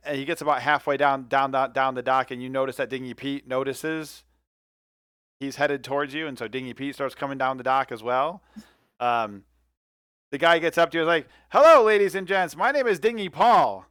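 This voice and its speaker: A man narrates a tabletop game as its game master, circling back with fillers and restarts. His voice is bright and sits in the middle pitch range. The recording is dry and close. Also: clean tone, no room sound. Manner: rambling, with many fillers and restarts. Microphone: home microphone in a remote session.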